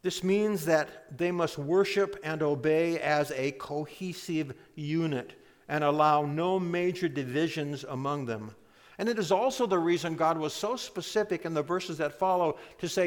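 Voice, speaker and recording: Male pastor, slightly higher voice, emphatic sermon delivery with hushed intimate drops. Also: unhurried, in a large hall. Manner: emphatic preaching with sudden drops to soft, intimate tones.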